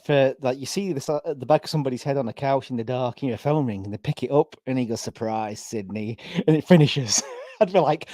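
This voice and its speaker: A man's voice: mid-range voice, fast talker, dark tone, no room sound. A man with a Yorkshire accent from England, a guest in a casual live reaction chat, chatty, giggly and opinionated. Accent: Yorkshire (Sheffield). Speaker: guest co-host.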